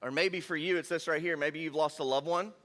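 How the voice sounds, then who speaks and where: A young man giving a lively, jokey youth sermon and talking straight to the crowd. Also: a little high, a little fast. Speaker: youth pastor. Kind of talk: energetic youth sermon storytelling. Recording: long hall reverb.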